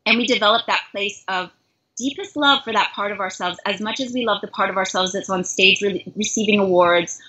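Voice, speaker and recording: Bright, husky-voiced woman coach from Canada. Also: medium pitch, a little fast. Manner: earnest, heartfelt and self-reflective. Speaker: life coach guest. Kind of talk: reflective interview conversation. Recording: dull lo-fi recording.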